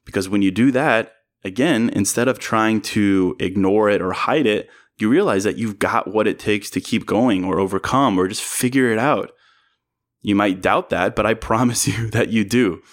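A man's voice: fairly low pitch, moderate pace. A young man giving a casual motivational monologue, candid and self-deprecating, laughing often and restarting his sentences.

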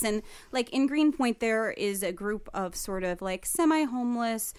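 High-voiced woman telling a brash story. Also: moderate pace, hardly any pauses. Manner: animated, profane, acts out quotes. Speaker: podcast guest, MMA fighter. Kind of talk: casual storytelling chat.

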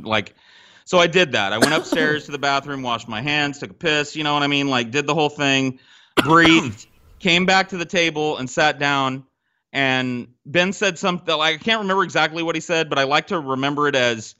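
Bright-voiced guy telling a story on a podcast mic, lots of swearing, acts out the quotes. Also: fairly high pitch, moderate pace, clear, resonant tone. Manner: animated, profane, acts out quotes. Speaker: podcast guest. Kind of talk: casual storytelling.

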